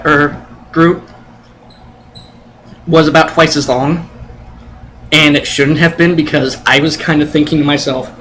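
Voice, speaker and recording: A man's voice: fairly high pitch, fairly bright tone, slight background noise. A young adult man giving a casual movie review, sarcastic and rambling, with blunt swearing.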